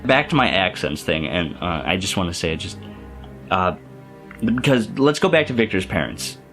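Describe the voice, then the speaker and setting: Low-voiced young man rambling about a film. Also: very animated, normal speed, fairly bright tone, faint music behind. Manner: rambling, enthusiastic, many fillers and restarts. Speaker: youtuber. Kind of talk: casual movie review vlog.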